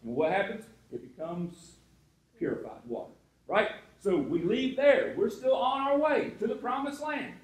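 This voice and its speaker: Male pastor, high voice, chatty sermon with asides, roomy echo. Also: normal speed. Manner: conversational preaching with asides to the congregation.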